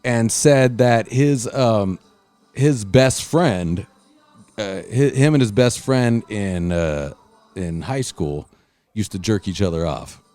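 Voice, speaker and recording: A man hosting a casual chat, telling a story with loud acted-out quotes and frequent swearing. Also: fairly low pitch, slow, no echo, soft background music. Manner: animated, swearing, acts out quotes loudly. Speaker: podcast host.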